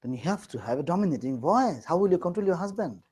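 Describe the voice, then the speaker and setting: A man's voice: high-pitched, lively intonation, quick pace, darkish tone, breathy edge, low-quality recording. A man from Bangladesh teaching a class, teasing and joking as he quizzes his students. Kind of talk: classroom lecture.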